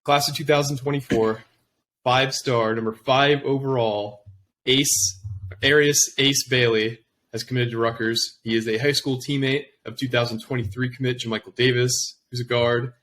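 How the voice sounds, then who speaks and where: A man's voice: mid-range voice, fairly even intonation, moderate pace, a bit bright, slight background noise. A man co-hosting a sports podcast, talking in an enthusiastic, casual way and leading the conversation. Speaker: podcast co-host.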